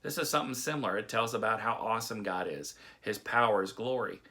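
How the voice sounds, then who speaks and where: Middle-aged male devotional speaker, low voice with a bright, forceful edge, folksy storyteller. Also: fast. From Texas. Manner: folksy storytelling with chuckles and restarts. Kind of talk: casual devotional talk.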